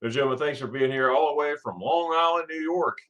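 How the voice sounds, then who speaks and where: A man's voice: a little high, fairly quick, a bit bright, highs cut off. A middle-aged man from Florida hosting a casual morning livestream, rambling, repeating his words and greeting viewers by name. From Florida, USA. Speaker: livestream host.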